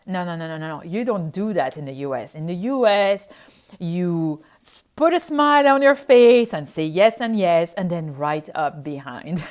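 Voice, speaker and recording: A woman's voice: fairly low pitch, a little mellow. A woman from France with a French accent, a physician telling her own stories in a casual chat and acting out her past reactions. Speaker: physician sharing her experiences.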